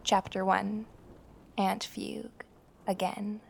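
A woman hosting a podcast, giving scripted, measured narration that explains ideas and tells a story. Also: medium pitch, little pitch movement, gravelly, a little hiss or hum.

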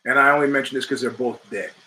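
A man's voice: medium pitch, fairly even intonation, quick pace, pushed and bright. A middle-aged man hosting a podcast, delivering an opinionated monologue with emphatic, rhetorical phrasing and repeated lines for effect. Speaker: podcast host.

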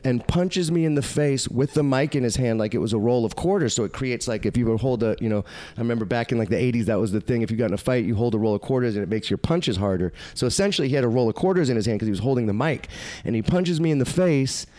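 Profane, animated male storyteller. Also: mid-range voice, fast. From United States. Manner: animated, profane, acts out quoted voices. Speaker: podcast guest. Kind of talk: casual storytelling.

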